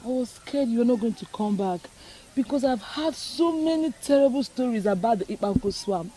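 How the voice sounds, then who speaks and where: A woman's voice: a little high, expressive, brisk, warm tone, close to an everyday voice, rough recording. Woman playing an anxious grateful village girl. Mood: fearful. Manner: emotional, pleading. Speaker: actress. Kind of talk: Nollywood film acting. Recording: film audio with music.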